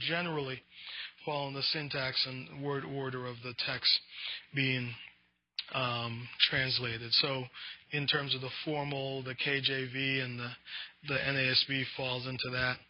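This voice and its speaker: A man's voice: medium pitch, flat delivery, moderate pace, no room sound, highs cut off. A man teaching a Bible class in a conversational lecture, reading definitions and often restarting his words.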